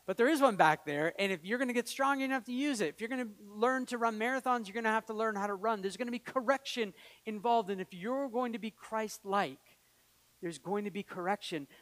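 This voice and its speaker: A man delivers a sermon in an earnest tone that climbs toward emphatic peaks. His voice sits notably high for a man. A long reverb trails each phrase, as if in a large church hall. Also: fairly quick, a bit bright. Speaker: pastor.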